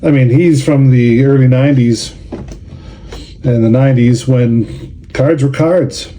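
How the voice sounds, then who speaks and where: A man's voice: mid-range voice, a little slow, warm tone, slight background noise. A middle-aged man, casually grumbling and sarcastic while opening trading cards for a vlog. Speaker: card collector and show organizer.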